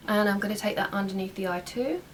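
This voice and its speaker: Working through a makeup tutorial at home, a young woman talks fast in a mid-range voice, staying chatty and slipping in little asides. The recording picks up faint room noise from a somewhat distant mic.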